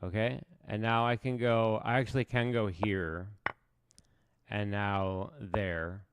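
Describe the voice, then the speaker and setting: Male chess streamer, low-ish voice, unhurried self-mocking play-by-play muttered to himself. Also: level tone, clean tone, dry recording. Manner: thinks aloud while playing, self-mocking. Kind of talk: casual live game commentary.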